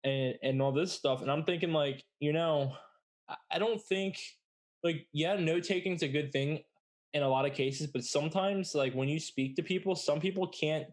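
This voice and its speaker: A man's voice: on the high side, moderate pace. A young adult man hosting a podcast, telling a long story in a rambling, casual way with lots of filler words and blunt swearing. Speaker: podcast host.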